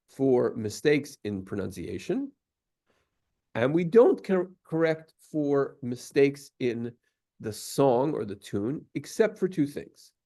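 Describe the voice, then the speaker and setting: Gravelly-voiced man teaching a class. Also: medium pitch, darkish tone. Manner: halting, many fillers and restarts, explanatory. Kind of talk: classroom lecture with questions.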